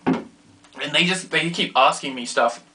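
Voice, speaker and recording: A young man telling a rambling, self-mocking story to camera in a casual vlog, now and then dropping to quiet asides. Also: a little high, a little slow, noisy background. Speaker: vlogger.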